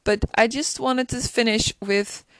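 A woman's voice: fairly high pitch, fairly even intonation, measured pace, fairly bright tone, no room sound. A woman chatting casually and gushingly about a TV episode, full of restarts. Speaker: show reviewer.

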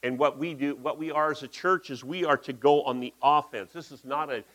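A pastor with a medium-pitched, slightly bright voice gives a conversational, folksy sermon in a church, talking through slides and adding asides. The recording is rough.

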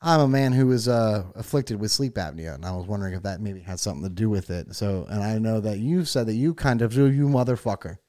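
A man's voice: lowish voice, fast talker, few pauses, mellow. A man co-hosting a podcast, bantering in a joking, profane way. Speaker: podcast co-host. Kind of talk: casual chat.

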